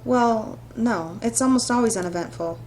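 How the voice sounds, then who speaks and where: A duty-bound male guard captain who speaks in stiff, formal sentences, as a woman reads him aloud. The voice sits a bit high, and a faint rumble hums in the background. It is a straight visual novel reading. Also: moderate pace, darkish tone, lightly acted. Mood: dutiful.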